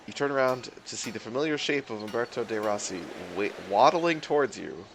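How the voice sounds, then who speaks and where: A man's voice: medium pitch, fast talker, noisy background. A man streaming a video game, reading its text aloud and making sarcastic, profane, rambling comments. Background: game music.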